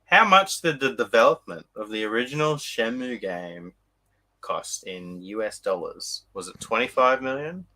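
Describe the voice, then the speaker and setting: A man's voice: medium pitch, expressive, normal speed, bright, forceful tone, low-quality recording. A man hosting a podcast and running a quiz. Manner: upbeat, explains rules clearly. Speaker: podcast host.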